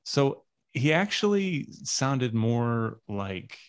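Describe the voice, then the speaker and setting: A man's voice: medium pitch, very animated, very slow, clean tone, dry recording. A man co-hosting a casual podcast chat, rambling with many fillers and restarts. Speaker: podcast co-host.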